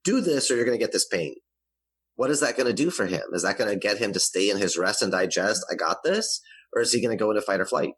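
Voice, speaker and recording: A man's voice: lowish voice, lively intonation, fast, a bit bright, slightly rough, low-quality recording. A man talking as a guest on a parenting podcast, explaining in a coaching tone. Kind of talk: podcast interview.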